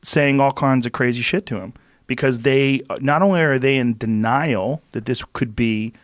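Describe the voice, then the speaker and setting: Middle-aged man, podcast host; animated, profane storyteller, dead-dry studio sound. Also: medium pitch, normal speed, no room sound. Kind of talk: casual storytelling conversation.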